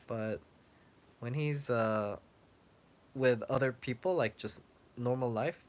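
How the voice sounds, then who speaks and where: His voice is fading: this young travel vlogger clears his throat and is losing his voice while chatting casually on a livestream. He talks at a slow pace in a mid-range voice, answering viewers' questions with plenty of fillers.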